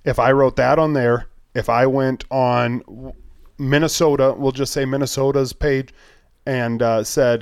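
A man's voice: mid-range voice, fairly even intonation, measured pace, smooth, no echo, studio quality. A man co-hosting a fishing podcast, talking casually and making his point with hypotheticals and repeated lists. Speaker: podcast co-host. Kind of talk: casual chat.

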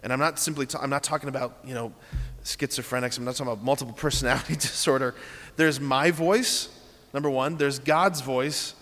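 A man's voice: medium pitch, fairly even intonation, fairly quick, fairly bright tone, big-room sound. A man preaching a sermon, earnest and repeating key phrases as he leads the congregation through simple exercises.

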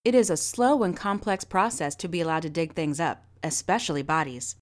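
A woman voicing a stern, gray-haired archaeologist professor who speaks firmly and in a measured way, in a storybook reading. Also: on the low side, natural voice. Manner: firm and measured.

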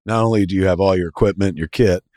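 A man's voice: sits low, fairly even intonation, fast talker, a little mellow, dry recording, clean studio sound. A man in his fifties co-hosting a casual podcast chat, blunt and swearing often, with wry asides. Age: 50s. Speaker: podcast co-host.

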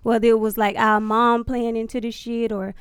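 A woman telling a story in casual, profane chat, animated and laughing, acting out what people said. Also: fairly high pitch, normal speed, clear, resonant tone, no room sound. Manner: animated, profane, laughs often, acts out quotes.

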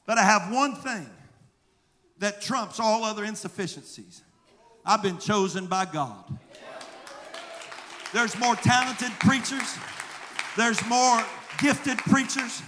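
A man with a Southern accent preaching a rhythmic sermon as pastor, swinging between hushed passages and shouted refrains. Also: high voice, animated, slow pace, pauses often. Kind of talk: fiery sermon. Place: church sanctuary. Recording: long hall reverb, faint crowd and noise.

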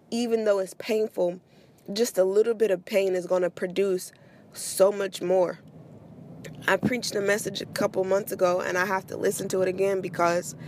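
Woman podcasting about faith, gravelly fry in her voice, faint hiss behind, real open way of talking. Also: mid-range voice. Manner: candid, emotional, conversational with many "like"s. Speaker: podcast host.

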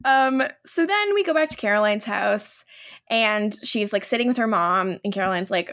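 A young woman co-hosting a podcast, recapping a TV episode in an animated, casual way that is full of "like". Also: medium pitch, moderate pace. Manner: animated storytelling, acts out quoted lines, frequent "like". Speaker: podcast co-host.

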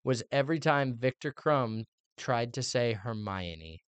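A man's voice: mid-range voice, lively intonation, a little slow, clean tone, no echo. A man co-hosting a casual book podcast, chatting playfully and trying silly accents. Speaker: podcast co-host, father. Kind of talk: casual chat about books.

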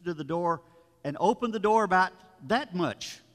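A man's voice: high-pitched, expressive, normal speed. A man, a pastor, giving a sermon in a storytelling, conversational way, with asides to his listeners. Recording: long reverb of a large room.

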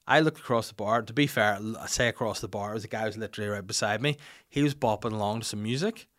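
A young man hosting a podcast, telling a rambling, self-mocking story and getting louder when he quotes himself. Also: lowish voice, quick pace. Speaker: podcast host. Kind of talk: casual chat and anecdote.

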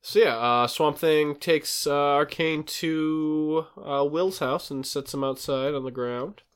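A man's voice: fairly high pitch, takes it slowly, smooth. A man casually recapping a show's plot, acting out lines and using many fillers. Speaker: podcast host recapping a show. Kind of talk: casual chat.

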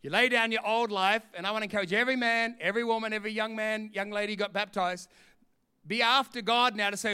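Fervent high-voiced Australian pastor. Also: male voice, steady tone, quick pace, bright, forceful tone, clean tone. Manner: fervent, emphatic preaching. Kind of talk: sermon.

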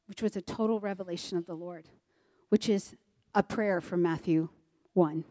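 A middle-aged woman telling a church testimony in an animated way, acting out the people she quotes. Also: on the low side, moderate pace. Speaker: speaker sharing a mission testimony.

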